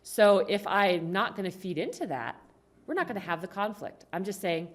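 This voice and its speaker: A woman's voice: mid-range voice, moderate pace. A woman giving a conversational talk to a congregation, asking the audience questions. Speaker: speaker at a congregation. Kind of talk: talk on communication.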